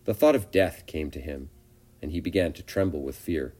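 A man reading a children's storybook aloud with gentle, expressive narration. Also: very deep voice, normal speed.

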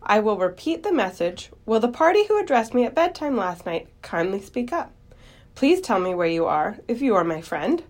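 A woman voicing an eager, earnest young male pig who speaks politely and excitedly in a storybook reading. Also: medium pitch, moderate pace. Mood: formal pleading.

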